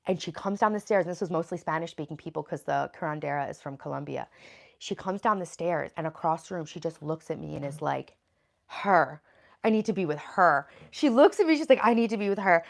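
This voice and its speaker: A woman with a low, gravelly voice hosts a casual livestream. She chats loosely, using lots of fillers, and reads viewers' comments out loud.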